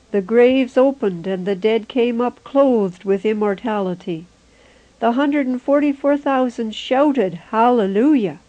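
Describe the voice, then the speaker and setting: A woman reading a religious vision text aloud in a slow, solemn, even way. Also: fairly high pitch, highs cut off. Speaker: reader.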